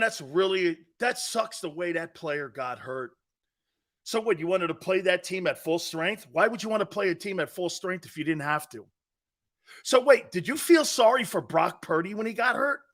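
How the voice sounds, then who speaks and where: Male sports show host, combative rant, high bright voice that swings all over the place. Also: lively intonation, brisk. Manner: blunt, combative, mocking imitations of others. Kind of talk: opinionated sports radio rant.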